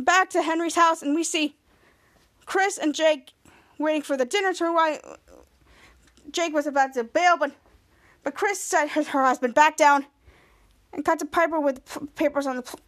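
A woman's voice: sits high, a bit bright. A woman podcast host giving a chatty, rambling recap of a TV episode. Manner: chatty, rambling storytelling with many restarts.

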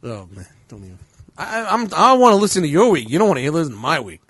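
A man's voice: on the high side, huge pitch swings, fast, fairly bright tone, no echo. A man co-hosting a podcast, talking casually in a rambling, profane way and laughing often. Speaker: podcast co-host. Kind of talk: casual chat.

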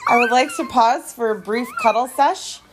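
A woman's voice: on the high side, animated, moderate pace, crowd noise. A woman hosting a casual chat, rambling and profane.

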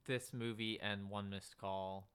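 A woman's voice: rumbling low, fairly even intonation, measured pace, clean tone. A woman co-hosting a casual movie review podcast, laid-back and slangy. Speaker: podcast co-host.

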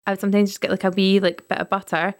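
A young adult Scottish woman co-hosts a relaxed podcast chat. She tells stories with animation, acting out quotes as she goes. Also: mid-range voice, very fast. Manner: animated storytelling, acts out quotes. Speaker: podcast co-host. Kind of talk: casual chat.

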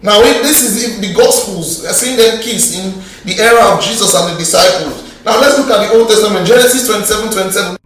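Animated man teaching in an echoey hall. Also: high voice, fast, few pauses, recorded from a distance. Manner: animated, emphatic, teasing questions. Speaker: Bible study teacher. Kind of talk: interactive Bible class teaching. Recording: very echoey hall, mic from afar.

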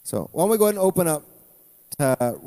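A man's voice: high voice, very animated, fast talker, dark tone, faint music behind. A male pastor preaching a conversational sermon with asides to the congregation. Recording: long reverb from a church hall.

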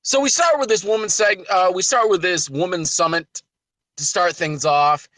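Male podcast host, high bright voice, emphatic ranting delivery. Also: normal speed, no echo. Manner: emphatic, ranting rhetorical questions. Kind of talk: wrestling podcast commentary.

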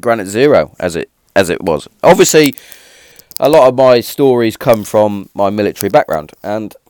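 A man in his thirties casually telling rambling stories, lively at the punchlines, with many restarts. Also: on the low side, dry recording, clean studio sound. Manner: rambling, animated when telling a punchline, frequent restarts and fillers. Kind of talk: casual storytelling.

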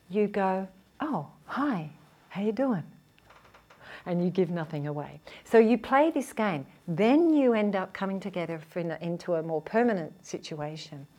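A woman who works as a relationship therapist, talking casually to an audience and acting out what partners say to each other. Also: fairly low pitch. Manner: animated, acts out quoted partners, laughs often.

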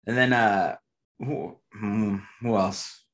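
A man's voice: lowish voice, fairly even intonation, slow pace, a bit bright. Laid-back laughing male podcast host. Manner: laughs often, loose and chatty. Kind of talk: casual sports chat.

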